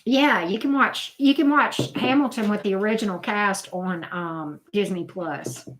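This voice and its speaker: A woman's voice: medium pitch, unhurried, slight background noise. A middle-aged woman, hosting a casual live-stream chat, reacting to viewers' comments with frequent exclamations. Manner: chatty, reacts to chat names, exclaims often. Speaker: channel host reading live chat.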